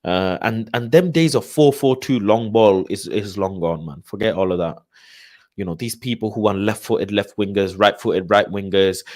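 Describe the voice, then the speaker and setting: A man hosting a casual football live stream in a fairly low voice. He talks loosely with slang, fillers and lots of repeated phrases. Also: moderate pace. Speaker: football channel host.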